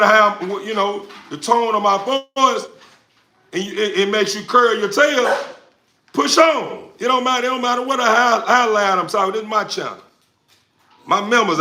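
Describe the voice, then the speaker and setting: Loud, confrontational man livestreaming. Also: sits high. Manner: loud, confrontational, repetitive, slangy. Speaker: dog breeder streamer answering chat. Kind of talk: livestream rant to viewers. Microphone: no lapel mic, phone or camera mic.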